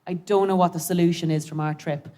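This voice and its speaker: A lower-voiced woman telling stories on a theatre stage, chatty and animated with a jokey edge. She talks to a live audience as a comedian guest. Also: fast talker. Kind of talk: lively onstage storytelling.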